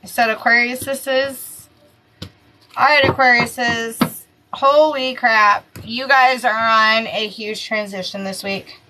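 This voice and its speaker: A woman in her thirties giving a casual weekly tarot horoscope reading, animated and breathless, swearing freely. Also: on the high side, slow, a little hiss or hum, rough recording. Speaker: tarot reader.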